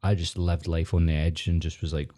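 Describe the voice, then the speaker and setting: A young Scottish man hosting a podcast, telling school stories in a lively, laughing way with casual swearing. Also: sits low, a little fast. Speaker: podcast host. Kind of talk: casual storytelling chat.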